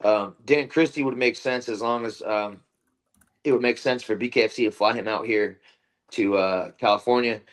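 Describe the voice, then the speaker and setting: A bare-knuckle fighter speaks in a casual post-fight interview, hurling intense, profane trash talk full of fillers and restarts. His voice is medium-pitched at a moderate pace.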